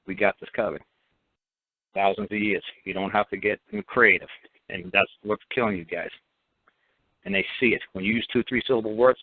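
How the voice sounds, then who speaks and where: A deep-voiced man hosts a call-in talk show on radio, heard via dry phone-line audio with no room sound. He speaks bluntly and emphatically, repeating himself and mocking as he goes.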